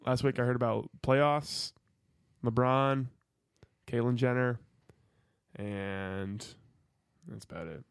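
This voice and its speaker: A young man co-hosting a casual podcast, making wry, deadpan remarks. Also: mid-range voice, takes it slowly, pauses often, smooth, no echo, clean studio sound. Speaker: podcast co-host. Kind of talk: casual chat.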